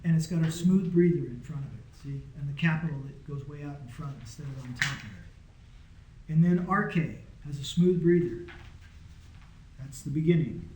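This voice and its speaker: This Greek teacher has a slightly high, darkish voice and speaks at normal speed, with a little hiss or hum on the echoey recording. Leading an informal lesson for a small class, he stays casual and patient and keeps checking that everyone follows.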